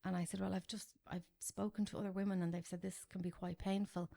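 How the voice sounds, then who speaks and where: A woman in her forties, speaking as a podcast guest. Her voice sits on the low side with a gravelly fry running through it. She tells her story candidly and animatedly, with wry, self-deprecating asides. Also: little pitch movement, quick pace, mellow. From Ireland. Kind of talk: personal story in a podcast interview.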